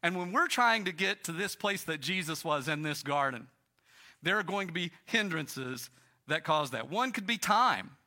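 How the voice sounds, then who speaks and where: A man's voice: a little high, animated, normal speed, bright, forceful tone. A male pastor preaching a sermon, telling stories and driving points home with repetition. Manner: storytelling, emphatic repetition.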